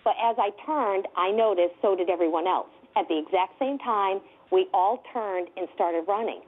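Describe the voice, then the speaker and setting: A woman investigator telling a story with excitement, laughing often and using many fillers. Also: mid-range voice, normal speed, husky. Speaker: guest UFO investigator. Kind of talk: animated storytelling. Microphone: telephone. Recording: tinny phone line.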